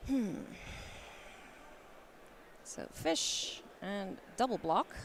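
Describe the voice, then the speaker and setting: A woman doing live card game commentary at a tournament, playful and quick to laugh. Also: vocal fry, a little hiss or hum. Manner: playful, laughs often, animated swings in pitch. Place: convention hall.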